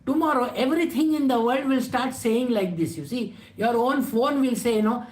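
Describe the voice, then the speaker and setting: Brief: blunt spiritual teacher, scolding with rhetorical questions, mid pitch, echoey room. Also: normal speed, darkish tone. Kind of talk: scripture talk.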